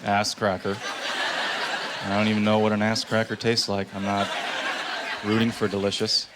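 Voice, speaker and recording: A man doing a stand-up comedy set on stage, sarcastic with deadpan asides. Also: on the low side, normal speed. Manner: sarcastic, deadpan asides between acted quotes. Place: comedy stage before a live audience. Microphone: handheld stage mic. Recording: stage mic with audience noise. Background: audience laughter.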